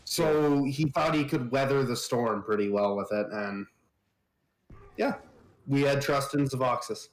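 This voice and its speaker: A man's voice: mid-range voice, unhurried. A man from Canada with a Canadian accent, casually co-commentating an esports match and explaining his team's plan. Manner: laid-back, laughs easily, explains his team's plan. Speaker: guest caster and team player. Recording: echoey room with faint noise.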